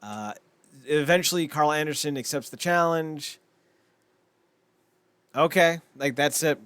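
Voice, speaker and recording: A young man co-hosting a podcast, chatting casually and excitably, rambling with lots of fillers and frequent laughs. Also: on the high side, a little slow, clear, resonant tone, dry recording. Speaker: podcast co-host. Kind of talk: casual wrestling chat.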